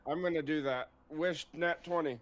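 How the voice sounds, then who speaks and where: A man's voice: on the high side, moderate pace. A man playing a tabletop game, talking eagerly and tripping over his words as he asks to act. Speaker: player.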